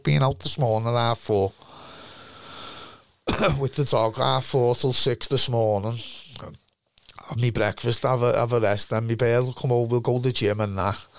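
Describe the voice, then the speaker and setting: Gravelly Scouse man telling football stories. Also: medium pitch, no room sound. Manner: swearing, rambling anecdotes full of "lad" and "me". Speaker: former footballer guest. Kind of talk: casual storytelling chat.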